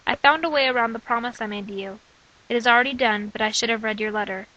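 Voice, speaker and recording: A woman in her twenties reading her old diary letters aloud in short, steady clipped phrases. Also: on the high side, quick pace, lo-fi sound. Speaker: vlogger.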